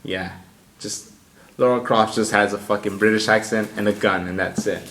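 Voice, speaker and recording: A man's voice: lowish voice, steady tone, moderate pace, fairly bright tone. Profane ranting man in an echoey room. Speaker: podcast co-host. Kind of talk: casual podcast banter. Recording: echoey room with faint noise.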